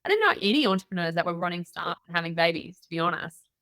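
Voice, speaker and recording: Fairly low-pitched and rapid-fire, captured in a dry recording: a middle-aged Australian entrepreneur being interviewed on a podcast. Candid and animated, she brings her anecdotes to life by voicing the people in them.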